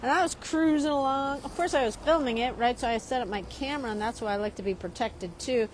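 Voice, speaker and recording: A woman from Chicago, a drawing teacher, telling a story in a lively, chatty way while she draws. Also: on the high side, fast talker, slight background noise. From Chicago, USA. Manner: lively, keeps asking "right?".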